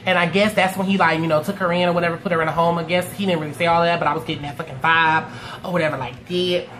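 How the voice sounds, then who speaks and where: A woman's voice: fairly low pitch, rapid-fire, slight background noise. A woman recapping a TV episode in casual, profane talk, acting out the characters' lines. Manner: animated, acts out characters' lines in quotes. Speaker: TV recap reviewer.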